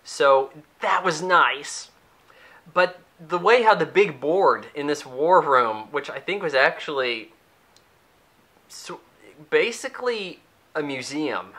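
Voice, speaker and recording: Bright-voiced ranting male movie reviewer. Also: fairly high pitch. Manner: sarcastic, rambling, acts out characters' lines.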